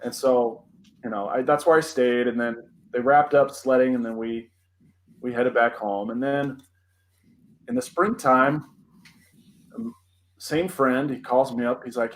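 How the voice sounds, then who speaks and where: A young man co-hosting a podcast, telling a personal spooky story in an animated, dramatic way with many "like" fillers. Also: mid-range voice, unhurried, long pauses, a little hiss or hum, low-quality recording. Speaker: podcast co-host.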